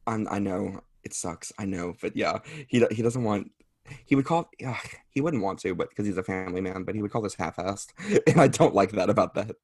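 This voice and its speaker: Guy guesting on a podcast, low voice, goofy and rambly, dead dry mic. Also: brisk, darkish tone, dry recording. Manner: rambling, self-deprecating, laughs often. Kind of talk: casual chat.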